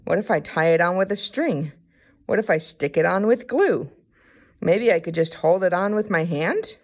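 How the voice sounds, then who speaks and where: A woman's voice: fairly low pitch, animated, moderate pace. Childlike, whiny, boy god with elephant head, storybook, woman reader. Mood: wailing. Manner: childlike, whiny when upset. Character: chubby boy elephant-headed god, sweet-loving and sulky.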